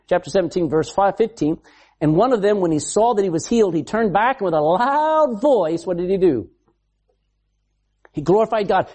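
Emphatic preacher, husky and very animated, mid-sermon, asks the congregation questions and acts out quotes. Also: mid-range voice. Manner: acts out quoted speech in varied voices.

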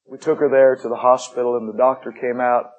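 A middle-aged man preaching a sermon with personal stories, folksy, moving between upbeat jokes and hushed intensity. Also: medium pitch, flat delivery, a little fast, low-quality recording. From United States. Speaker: missionary pastor.

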